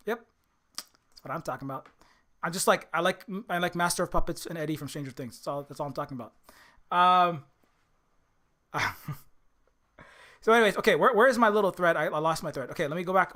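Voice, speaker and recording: A man's voice: fairly high pitch, sharp tone. A man from Hawaii giving casual, rambling political commentary as a channel host. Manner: rambling, many restarts and fillers.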